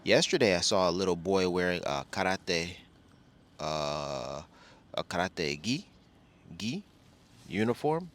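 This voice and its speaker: Very low-voiced rambling man. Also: lively intonation, slow, long pauses, fairly bright tone. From Los Angeles. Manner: rambling, self-correcting, chatty. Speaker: travel vlogger. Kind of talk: casual rambling monologue.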